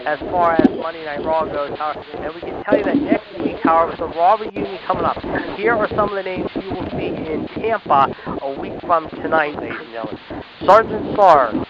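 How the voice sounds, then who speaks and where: A man hosting a wrestling radio talk show in an announcer style, and he keeps repeating "however" and "ladies and gentlemen". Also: on the high side, expressive, a little fast. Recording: dull lo-fi audio with loud noise.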